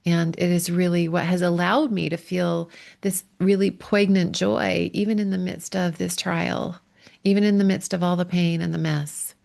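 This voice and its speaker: A middle-aged woman relationship coach speaking in a heartfelt, emotional podcast monologue, sometimes pausing to steady herself. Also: fairly low pitch, creaky.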